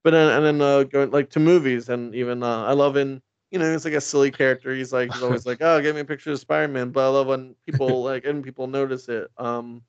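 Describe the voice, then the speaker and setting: A man co-hosting a podcast, rambling casually about comics with many fillers and lively quoting. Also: mid-range voice, a little fast, hardly any pauses, no room sound. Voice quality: gravelly. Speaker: podcast co-host. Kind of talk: casual comic-book chat. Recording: dull lo-fi dry sound.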